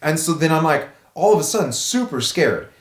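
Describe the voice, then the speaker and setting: A man in his thirties who vlogs in a relaxed, animated way and throws in "dude" and "bro" a lot. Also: fairly high pitch, a little fast. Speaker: vlogger. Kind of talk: casual storytelling vlog. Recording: echoey room.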